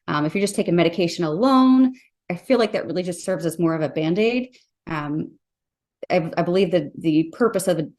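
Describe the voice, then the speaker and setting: A woman's voice: fairly low pitch, darkish tone. A woman in her thirties, a life coach guest on a podcast, talking earnestly and casually with many fillers and restarts. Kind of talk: casual interview talk.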